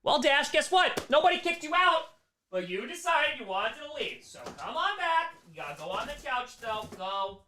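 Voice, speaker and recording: A man's voice: very high voice, sing-song, moderate pace, pushed and bright, slight background noise. A man hosting a casual live-stream Q&A, reading chat messages aloud and answering with playful jokes and frequent laughs.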